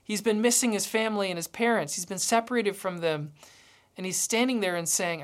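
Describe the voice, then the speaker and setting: A woman delivers a sermon in a storytelling way. Her voice sits at a middle pitch, and she voices the dialogue as she narrates. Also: brisk. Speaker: preacher.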